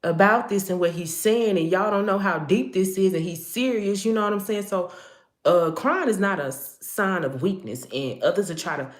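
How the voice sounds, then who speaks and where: A woman's voice: mid-range voice, animated, normal speed, echoey room. A woman delivering a prophetic word in rhythmic, rhyming lines, speaking casually and laughing often.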